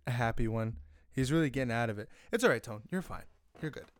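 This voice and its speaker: A man's voice: medium pitch, expressive, quick pace, no echo. A young man chatting casually as a playful, reassuring co-host. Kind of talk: casual chat.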